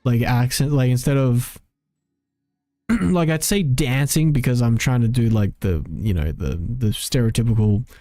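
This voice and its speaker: A man's voice: mid-range voice, measured pace, warm tone, dry recording, soft background music. A man streaming a video game, rambling in casual commentary, often cutting himself off and laughing at himself.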